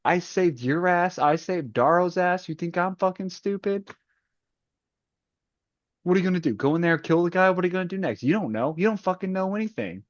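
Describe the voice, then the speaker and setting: Brief: furious woman leader tearing into an ally, a man putting her on, raised pitch, swearing hard, dull lo-fi. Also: a little fast, no room sound, natural voice. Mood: angry ranting. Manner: profane scolding rant. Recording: dull lo-fi dry sound.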